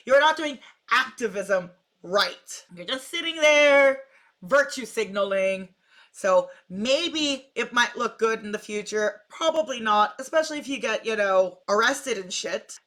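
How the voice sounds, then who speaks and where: A woman's voice: high voice, sharp tone. A woman giving a blunt, sarcastic, profane rant as a commentary vlogger. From Canada. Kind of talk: ranting news commentary.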